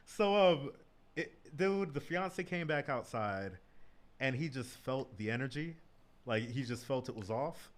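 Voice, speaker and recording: A man's voice: mid-range voice, animated, unhurried. A man in his thirties telling stories as a guest in a casual chat. He swears freely and often says "like" and "bro". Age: 30s.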